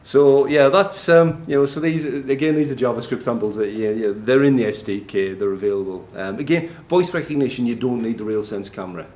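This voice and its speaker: A man's voice: medium pitch, fairly quick, hardly any pauses, a little mellow. A man speaking at a conference, giving a chatty live tech demo in a noisy, echoey room. He jokes, laughs often and fills gaps with ums.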